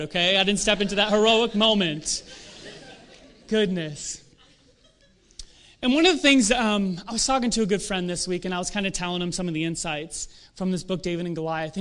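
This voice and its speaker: A young adult man preaching a sermon in a conversational, animated way, with self-deprecating asides. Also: high voice. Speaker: pastor.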